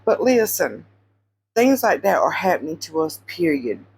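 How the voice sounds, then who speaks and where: Animated woman retelling Bible stories. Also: fairly low pitch, measured pace, slightly rough. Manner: animated, repeats phrases for emphasis, asks the viewer questions. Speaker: Christian social media storyteller. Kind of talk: casual Bible storytelling.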